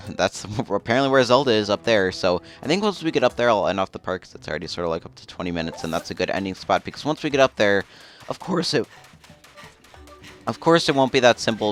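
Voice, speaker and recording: A man casually commenting as he plays a video game, rambling and chatty. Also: on the low side. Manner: rambling, chatty, often laughing. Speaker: let's play host.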